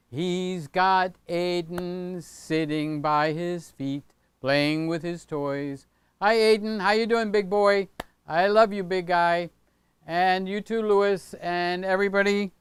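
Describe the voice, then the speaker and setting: Rambling older man, smooth dry voice. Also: high voice, no room sound. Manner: rambling, chatty, keeps tagging on "okay?". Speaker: channel host. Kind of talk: casual livestream chat. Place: home studio room with set pieces.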